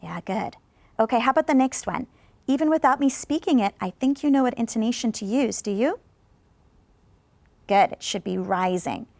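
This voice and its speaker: A woman teaching an English lesson in a scripted classroom style, encouraging viewers to answer and modeling sentences slowly for them to repeat. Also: fairly high pitch, expressive, vocal fry, darkish tone, no room sound. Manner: slow, carefully drawn-out model sentences for repetition; encouraging, coaxes replies from viewers. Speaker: ESL teacher. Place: studio.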